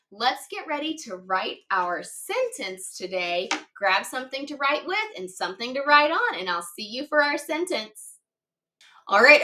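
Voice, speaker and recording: A woman teaching a phonics reading lesson to children, patient and encouraging, spelling words out slowly letter by letter and giving cheerful praise. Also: a little high, pushed and bright.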